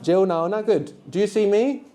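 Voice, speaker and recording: A man's voice: sits high, fairly quick, warm tone. A man teaching a live beginners' language workshop, patiently explaining and prompting students to answer.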